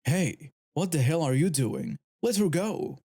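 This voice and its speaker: A man's voice: fairly high pitch, lively intonation, measured pace, mellow, slightly rough, heavily acted. A man voicing a firm, protective male bystander. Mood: urgent.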